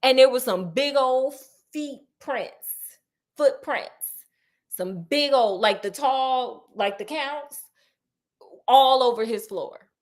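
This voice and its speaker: Woman comic storyteller, slangy, laughing, a touch high pitched. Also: slow. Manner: animated, slangy, laughs often.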